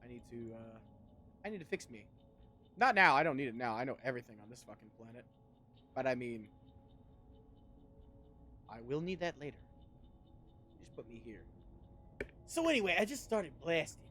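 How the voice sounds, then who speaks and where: Animated sarcastic male gamer. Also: medium pitch, moderate pace, pauses often, faint music behind. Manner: rambling, sarcastic, swears a lot. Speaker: streamer. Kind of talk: casual game commentary.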